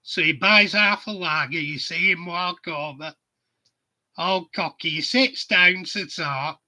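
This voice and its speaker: A man's voice: high voice, slow, bright, forceful tone. A middle-aged man, hosting a casual chat stream and telling anecdotes that he laughs at. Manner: chatty storyteller, laughs at his own anecdotes. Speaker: livestream host.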